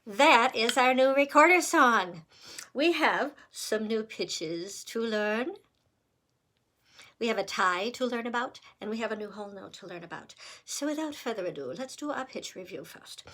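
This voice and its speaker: A woman's voice: fairly high pitch, animated, moderate pace, pushed and bright. A woman music teacher giving a recorder lesson with patient, encouraging step-by-step instructions.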